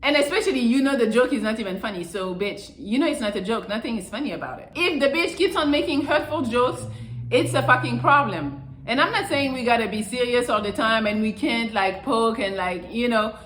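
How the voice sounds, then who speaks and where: A woman's voice: a little high, expressive, a little fast, fairly bright tone, a little hiss or hum. A woman hosting her channel, giving blunt, profane relationship advice in a casual monologue with mocking impressions. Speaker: channel host. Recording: echoey room.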